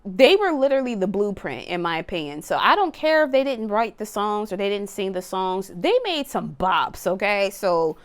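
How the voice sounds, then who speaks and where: A woman's voice: mid-range voice, very animated, normal speed, few pauses. A woman giving a casual tarot reading, talking bluntly, swearing freely and laughing as she drifts off on tangents. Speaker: tarot card reader.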